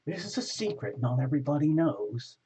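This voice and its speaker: A man's voice: fairly high pitch, big pitch swings, fairly quick, mellow, breathy edge. A man hosting a live tarot stream, reading viewer comments aloud and joking as he greets people by name.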